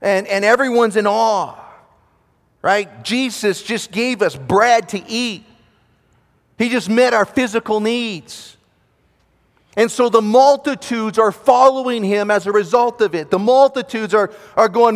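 A man's voice: high voice, unhurried, in a large hall. A man preaching a sermon at a conference, reading scripture and talking in a conversational way, often repeating words and restarting his sentences. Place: conference hall.

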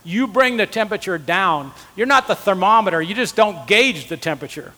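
A high, bright male voice preaching in an earnest, conversational way. He talks straight to the men in the room, and the sound rings with a long hall echo. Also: lively intonation, fairly quick. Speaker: conference speaker. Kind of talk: sermon teaching.

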